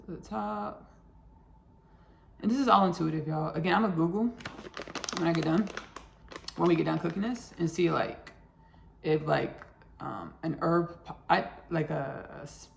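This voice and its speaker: A woman talks her way through a home recipe in a loose, rambling chat, calling out to her viewers as y'all. Her fairly low voice has a heavy gravelly fry. The kitchen around her rings with a roomy echo. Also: normal speed, long pauses, slight background noise. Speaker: home cook and channel host. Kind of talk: casual cooking vlog chat.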